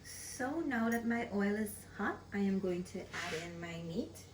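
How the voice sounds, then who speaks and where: A woman's voice: medium pitch, expressive, unhurried. A woman hosting a home cooking video in her kitchen, walking viewers through each step of a recipe. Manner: walks viewers through each step, often says "so guys". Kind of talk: cooking tutorial narration. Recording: echoey kitchen with background noise.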